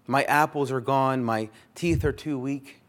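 A man's voice: medium pitch, fairly even intonation, a little slow, natural voice. A man reading as a tired old man. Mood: weary. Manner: tired, plain storybook reading. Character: weary old man, once the boy. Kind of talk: storybook reading in a sermon.

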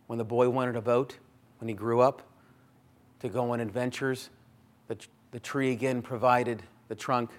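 A male pastor preaching a sermon in a deliberate manner, repeating phrases and putting questions to the congregation. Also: medium pitch.

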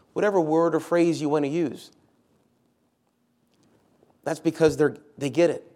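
A man's voice: fairly high pitch, steady tone, measured pace, pauses often, warm tone. A man, a pastor, preaching a sermon in a church, stressing key words by repeating them and putting questions to the congregation.

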